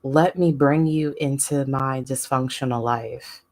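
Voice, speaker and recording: A woman's voice: a bass voice, unhurried, a crowd in the background. A woman co-hosting a livestream, reacting with blunt, exasperated remarks. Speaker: livestream co-host. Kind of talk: casual reaction commentary.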